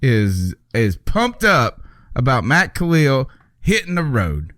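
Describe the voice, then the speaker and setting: A man hosting a sports call-in podcast, excitable and exclamatory as he reacts and takes callers. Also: mid-range voice, slow pace, dry recording, studio quality. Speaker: podcast host. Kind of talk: lively sports podcast chat.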